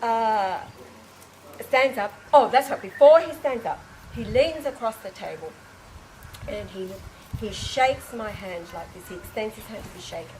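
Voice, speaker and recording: Lively woman recounting a story. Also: a little high, unhurried, slight background noise, poor audio. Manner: animated retelling, acts out dialogue, laughs often. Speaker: spiritual storyteller. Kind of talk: casual spoken testimony.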